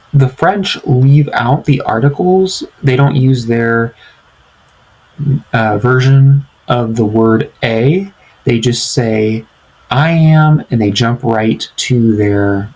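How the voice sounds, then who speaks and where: A French teacher leads a beginners' language tutorial, speaking patiently and repeating each phrase so learners can follow along. His voice is medium-pitched and darkish, and the recording is rough.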